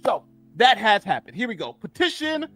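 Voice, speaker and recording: A man's voice: high-pitched, normal speed, soft background music. A man hosting a casual live-stream commentary, chatty and repetitive, gloating as he talks. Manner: animated, repeats himself, gloating and chatty. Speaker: host of a legal commentary channel.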